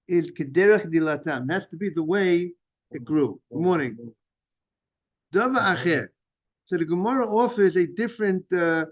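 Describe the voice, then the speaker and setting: A man teaching a Talmud class in a casual, halting way, repeating words and restarting sentences while greeting students. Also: sits high, muffled recording. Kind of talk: informal Talmud lesson.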